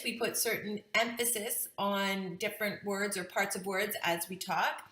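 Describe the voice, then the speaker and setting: A woman's voice: a little high, sharp tone. A woman in her thirties explaining to parents how babies learn language, in a friendly teaching manner. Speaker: parenting educator. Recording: echoey room.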